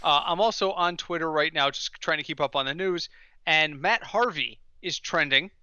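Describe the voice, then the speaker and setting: Man, podcast co-host, high and bright voice, animated and wry, dull dry recording. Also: normal speed, clear, resonant tone, no room sound. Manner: animated storyteller, wry and ranting. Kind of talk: casual sports chat.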